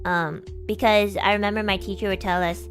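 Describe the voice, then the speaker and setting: A woman streamer telling a childhood story in casual, chatty talk, full of "like" and restarts, with lively bits where she acts out other people. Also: mid-range voice, fairly quick, soft background music. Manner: chatty, animated, lots of "like" and restarts, voices kids and adults in quotes.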